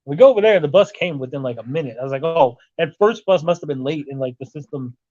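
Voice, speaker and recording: A podcast host tells a long, rambling travel story in casual chat, swearing often and peppering his talk with "like" and "right?" His voice is a little high, expressive and a little mellow at a quick pace, captured in lo-fi, muffled audio.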